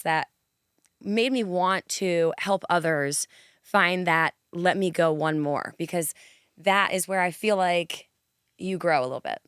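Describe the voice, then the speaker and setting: A woman's voice: lowish voice, a bit bright, smooth, no room sound, clean studio sound. A woman hosting a podcast in casual chat, gushing with enthusiastic praise for her guest. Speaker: podcast host.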